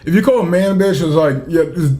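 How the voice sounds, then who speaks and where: A man's voice: sits high, fast talker, mellow. A young man from New England, co-hosting a podcast, brash, profane and joking. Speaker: podcast co-host. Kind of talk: casual chat.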